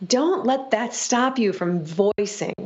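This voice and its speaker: A woman's voice: on the high side, animated, slow, darkish tone, lo-fi sound. A woman in her fifties, a music and sound-healing teacher, answering questions in a reflective, teacherly way and often checking in with "right?".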